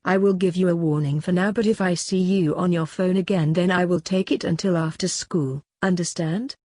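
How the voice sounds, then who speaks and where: A woman's voice: lowish voice, steady tone, moderate pace, dark tone, no room sound, clean studio sound, lightly acted. A woman voicing a strict male schoolteacher who scolds his pupils. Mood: stern. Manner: stern, scolding.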